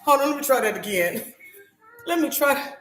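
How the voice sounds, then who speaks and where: A hoarse middle-aged woman talks straight to her viewers as she bakes, her pitch swinging up and down as she exclaims to herself. The room rings with echo, and music plays underneath her. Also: animated, moderate pace, fairly bright tone. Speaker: home baker streaming live. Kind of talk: chatty live cooking stream. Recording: echoey room with music behind.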